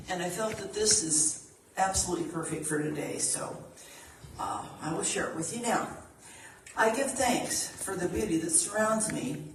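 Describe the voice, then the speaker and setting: A woman giving a spiritual reading, calm and earnest as she reads aloud. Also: lowish voice, a little hiss or hum. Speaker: reader. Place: church hall. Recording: echoey hall from far off.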